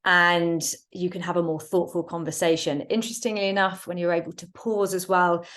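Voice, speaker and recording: Clear, emphatic woman coaching a webinar. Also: fairly low pitch, level tone, a bit bright. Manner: clear, emphatic delivery with deliberate pauses. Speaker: communication trainer. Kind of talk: webinar teaching.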